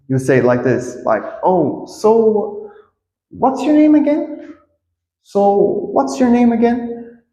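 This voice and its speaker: A man teaching a casual English lesson, repeating example phrases with lively acted-out intonation. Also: medium pitch, echoey room, long reverb tail, dull audio.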